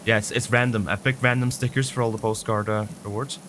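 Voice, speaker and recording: A man's voice: fairly low pitch, fairly even intonation, quick pace, noisy background. Playful man hosting a stream. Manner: playful, teasing. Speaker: streamer, host. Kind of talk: casual chat.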